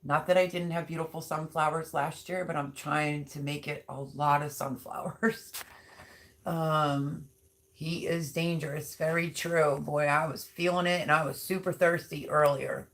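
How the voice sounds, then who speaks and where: Middle-aged woman, deep speaking voice, easygoing rambling host of a home live chat. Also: fairly even intonation, measured pace, fairly bright tone. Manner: chatty, rambling, many ums. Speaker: livestream host. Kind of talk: casual live chat reading comments.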